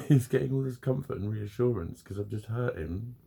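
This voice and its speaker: A man's voice: mid-range voice, moderate pace, creaky, dark tone, husky. A man venting in a rambling, sweary, self-critical vlog. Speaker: vlogger. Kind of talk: casual confessional vlog.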